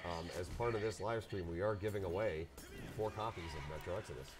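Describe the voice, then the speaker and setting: Low-voiced man streaming with a cold. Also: quick pace. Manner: excitable, jokey, reacts out loud to the game. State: getting over a cold. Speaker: streamer playing the game live. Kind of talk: live gameplay commentary. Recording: noisy live stream audio.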